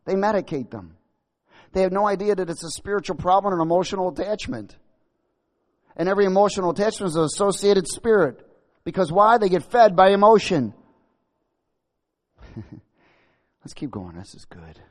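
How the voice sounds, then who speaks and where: A man's voice: a little high, lively intonation, normal speed, long pauses. A male pastor preaching and reading scripture aloud, exclaiming and laughing often. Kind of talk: sermon.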